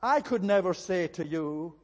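A man delivers a sermon in a steady, earnest manner. His voice sits high for a man, and it rings out with a long reverb, as in a large church hall. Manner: earnest, measured preaching with occasional slips. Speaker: preacher.

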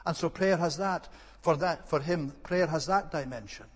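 A man's voice: on the high side, moderate pace, breathy edge, big-room sound. A man preaching an earnest, emphatic sermon and repeating his key words for stress.

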